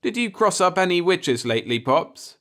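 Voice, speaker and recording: A man's voice: high voice, big pitch swings, moderate pace, pushed and bright, pitched above the performer's own voice, heavily acted. A man voicing a young bearded beatnik TV repairman who talks in confident hip slang.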